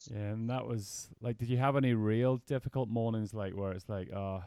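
A man's voice: fairly low pitch, steady tone, moderate pace, mellow, smooth, dry recording, studio quality. A man hosting an interview podcast, talking casually and chattily, laughing easily and swearing in passing. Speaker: podcast host.

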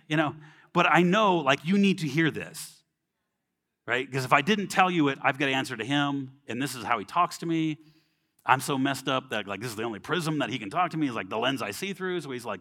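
A man's voice: medium pitch, animated, brisk, bright, forceful tone. A man preaching a sermon in a casual, conversational way, often checking in with "right?" and acting out quoted people in little voices.

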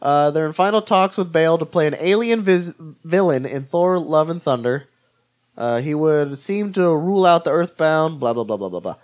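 Male podcast co-host, casual and jokey, very lively pitch. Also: normal speed. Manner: animated, jokey, slips into high silly impressions. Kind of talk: casual chat.

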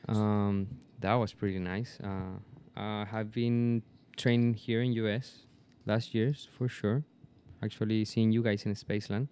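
A man whose first language is Spanish, chatting casually in English and often pausing to search for words. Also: fairly low pitch, level tone, warm tone, smooth. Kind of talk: casual chat.

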